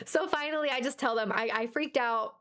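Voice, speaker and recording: A woman's voice: fairly high pitch, brisk, a bit bright. A young woman co-hosting a podcast, telling a story in a bubbly, giggly, rambling way. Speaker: podcast co-host. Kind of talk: casual chat, animated storytelling.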